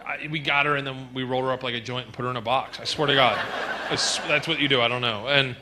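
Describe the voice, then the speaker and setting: Animated man doing stand-up. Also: medium pitch, fast, crowd noise, background noise. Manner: animated storytelling, acting out voices of others. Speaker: stand-up comedian. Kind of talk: stand-up comedy set. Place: comedy club stage with live audience.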